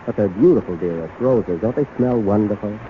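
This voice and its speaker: A man playing a smooth-talking young lover in a radio comedy sketch, mock-romantic, on a tinny 1930s broadcast. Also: fairly low pitch, fairly quick, a little hiss or hum, close to an everyday voice. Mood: suave.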